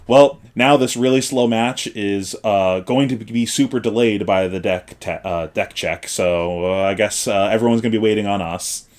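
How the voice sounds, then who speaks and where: A man casually telling the story of a card game tournament, animated and full of filler words. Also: lowish voice, normal speed. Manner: animated, acts out quotes, lots of fillers like "like" and "uh".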